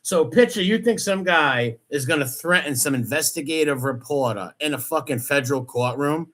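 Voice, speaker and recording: A man's voice: a little high, moderate pace, fairly bright tone. A man giving angry reaction commentary, mocking and profane as he picks apart a clip.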